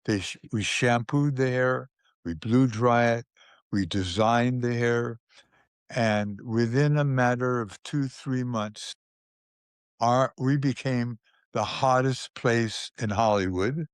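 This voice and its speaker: An older man, a guest in an interview, telling anecdotes in an unhurried way, with restarts and small chuckles. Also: medium pitch, clean tone, no room sound, clean studio sound.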